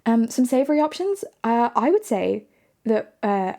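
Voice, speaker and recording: A woman streamer with a slightly high voice chats through a casual livestream. She is playful, laughs a lot and keeps answering her viewers. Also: animated, normal speed, creaky, dark tone.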